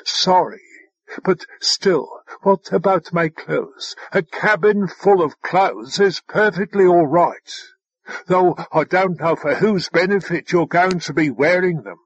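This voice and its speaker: A man's voice: sits high, slow pace, breathy edge, dull audio, exaggerated voice. A man voicing a flamboyant, willful young woman in an audiobook, with dramatic exclamations. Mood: indignant. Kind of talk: audiobook character voice.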